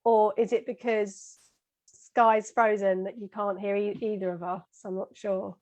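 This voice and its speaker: A woman's voice: mid-range voice, little pitch movement, measured pace, darkish tone. A chatty woman with a slight Kent accent, a guest on a live video-call interview, talking straight to her viewers. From Kent, England. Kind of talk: casual live-stream chat.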